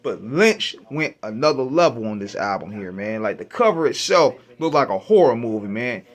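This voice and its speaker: A man hosting a radio show, casually retelling his first listen to an album, with an animated, profane, laughing delivery. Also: mid-range voice, normal speed. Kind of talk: casual storytelling album review.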